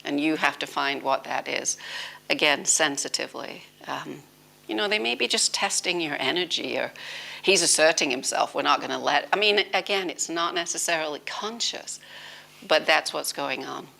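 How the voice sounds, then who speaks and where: A British woman giving an informal spiritual talk as a teacher, telling lively stories and acting out bits of dialogue. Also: low-pitched, normal speed, gravelly. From Britain.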